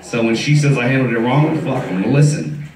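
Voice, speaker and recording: A man's voice: mid-range voice, expressive, fairly quick. A man doing a stand-up set in a bar, telling stories in a profane, self-mocking, conversational way. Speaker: stand-up comedian. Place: bar stage with a live audience. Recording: roomy bar audio from far off, crowd noise. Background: loud bar crowd, laughter.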